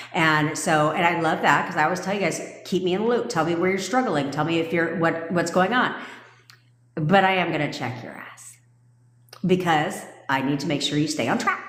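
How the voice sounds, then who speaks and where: A woman's voice: lowish voice, a bit bright. A woman coaching viewers in a casual livestream, blunt and profane and often laughing. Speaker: manifestation coach. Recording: echoey room with long reverb.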